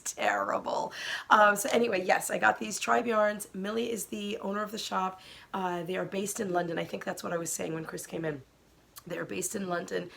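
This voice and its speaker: Middle-aged woman, knitting host; low, gravelly, chatty and gushing, faint hiss behind. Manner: chatty, gushing, with fillers and soft asides. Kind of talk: casual show-and-tell chat.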